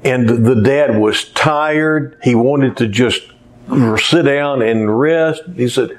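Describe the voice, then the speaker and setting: A man's voice: mid-range voice, unhurried. Rambling male preacher telling stories. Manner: rambling storyteller who loses his place and restarts. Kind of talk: sermon with storytelling.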